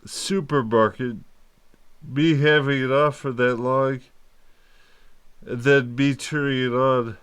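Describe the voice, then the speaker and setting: A man talking candidly in a personal video diary, in slow, halting speech broken by long pauses and sighs. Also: medium pitch, steady tone, a bit bright, clean tone. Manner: candid, informal, occasional cursing. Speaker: vlogger.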